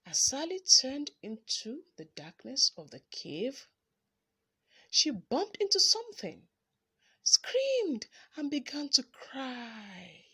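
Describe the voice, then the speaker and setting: A woman reads a children's story aloud in a high, bright voice with a slight husk. She takes her time and swings her pitch widely, telling it in an expressive, dramatic way. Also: slow pace, breathy edge.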